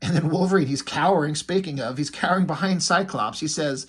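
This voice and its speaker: Brief: male comic reviewer, slightly raised pitch, husky grain, loose rambling delivery with blunt jabs. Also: brisk. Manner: loose and rambling, with frequent "like" and "you know"; blunt, mocking asides. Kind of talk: casual video commentary.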